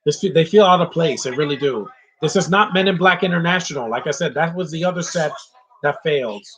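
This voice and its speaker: A man's voice: fairly high pitch, fairly quick, fairly bright tone, low-quality recording. A man giving casual live commentary on a movie, opinionated and ranting about what he dislikes. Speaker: film commentator.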